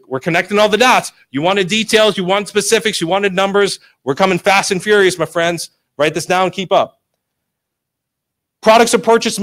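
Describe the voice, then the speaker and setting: A man presenting at a business seminar, giving an emphatic motivational pitch to a live audience. He repeats key phrases, quizzes the crowd and teases them into keeping up. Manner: pushy and teasing, tells listeners to stop.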